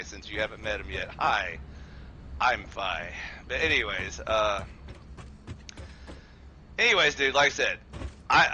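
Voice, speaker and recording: Sharp-voiced, profane, sarcastic male streamer. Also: medium pitch, dull audio, slight background noise. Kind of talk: casual live-stream chat over gameplay.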